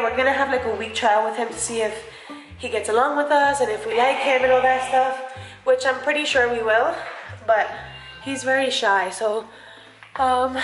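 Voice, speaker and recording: A woman's voice: on the high side, a bit bright, poor audio. Chatty woman vlogger cooing at dogs. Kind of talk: casual home vlog. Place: home, indoors and out in the yard. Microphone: handheld camera.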